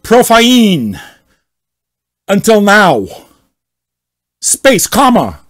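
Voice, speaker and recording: A man reading aloud an angry online rant in the indignant, shouty voice of a furious adult man. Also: fairly high pitch, very animated, exaggerated voice. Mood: enraged. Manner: shouty, indignant, drawn-out delivery.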